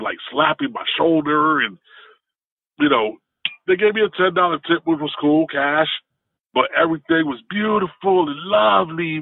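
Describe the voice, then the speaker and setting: Gravelly-voiced man telling stories on a podcast. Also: no room sound. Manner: animated, jumps into higher pitch when telling a story. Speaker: podcast co-host. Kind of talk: casual podcast storytelling. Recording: tinny phone-like dry sound.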